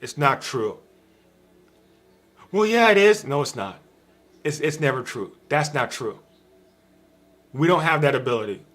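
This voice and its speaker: A man's voice: mid-range voice, normal speed, long pauses, sharp tone, soft background music. A man giving an informal spiritual teaching on a live stream from a room at home, repetitive and emphatic, speaking straight to his viewers. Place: home room with a dog bed in the corner.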